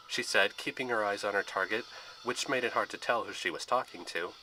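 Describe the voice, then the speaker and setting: A man reading a storybook adventure aloud with steady, expressive narration. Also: lowish voice, fairly quick, faint music behind, rough recording.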